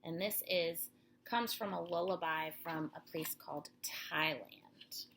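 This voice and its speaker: A woman in her thirties, a teacher speaking gently and encouragingly to young children and their parents from home, sometimes dropping to a soft near-whisper. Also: fairly low pitch, measured pace, vocal fry, very noisy. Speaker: elementary school teacher. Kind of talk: addressing children and parents in a recorded class session.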